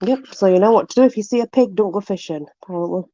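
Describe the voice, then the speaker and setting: A woman's voice: medium pitch, very fast, mellow, no room sound, highs cut off. A woman with a Yorkshire accent, casually reading old sayings aloud and bemused by them. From Yorkshire, England. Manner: amused, bemused, often laughing. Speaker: vlogger.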